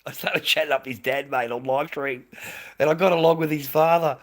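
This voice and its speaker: Australian man, mask maker, casual profane live-stream rant, bright tense tone. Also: on the high side, fairly even intonation, a little fast. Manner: profane, rambling, laughs often. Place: at home.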